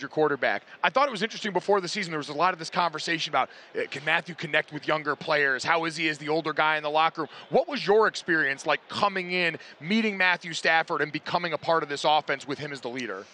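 Male sports radio host, bright tone, smooth conversational interviewer. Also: on the high side, fast talker, hardly any pauses, a little hiss or hum.

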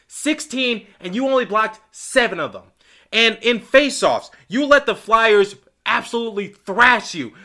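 A man's voice: sits high, pushed and bright. A man hosting a solo hockey podcast, ranting in exasperation and lecturing the team directly. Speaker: sports podcast host. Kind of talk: solo hockey commentary rant.

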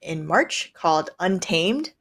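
A woman with a slightly low voice recounts a story loosely on a podcast. She pauses on fillers as she goes. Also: big pitch swings, a bit bright. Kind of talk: casual podcast chat.

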